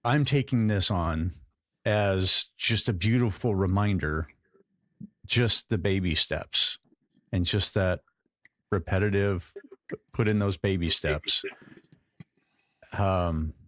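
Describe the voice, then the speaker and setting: A man's voice: sits low, takes it slowly, pauses often, fairly bright tone, dry recording, clean studio sound. A man hosting a podcast interview, reflective and encouraging as he responds to his guest. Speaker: podcast host. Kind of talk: interviewer conversation.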